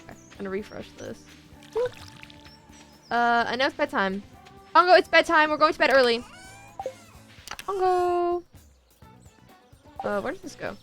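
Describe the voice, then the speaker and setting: A woman's voice: a little high, expressive, fairly quick, pauses often, a bit bright, faint music behind. Chatty woman streaming a farming game. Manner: chatty, rambling, talks to chat while playing. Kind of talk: casual game-stream chat.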